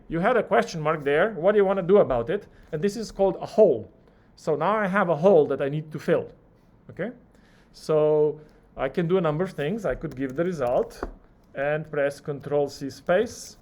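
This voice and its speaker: A male lecturer teaching a live coding class, talking through each keystroke and acting out the software's replies. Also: a little high.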